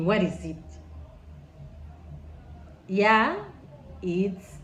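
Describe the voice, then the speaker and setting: A woman from Malawi with a Malawian accent, teaching a language lesson in an enthusiastic way and repeating words slowly for learners. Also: on the low side, muffled recording. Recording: echoey room with faint noise.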